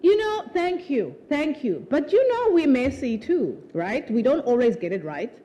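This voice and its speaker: Speaking in a high, sing-song voice with a dark tone, this woman takes her time as she chats animatedly at her own book launch. The live festival audience hears her laugh often and restart sentences with repeated words, over slight background noise.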